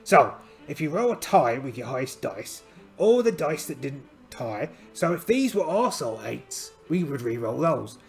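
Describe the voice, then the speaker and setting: A man rolls dice and narrates a pirate adventure, putting on a hammy pirate voice and joking at his own expense. His voice has a gravelly edge, and quiet music plays under it. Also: mid-range voice, sing-song, unhurried. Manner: chatty, self-mocking, hammy pirate talk. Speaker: solo tabletop game player. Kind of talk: playing a solo game in a pirate voice.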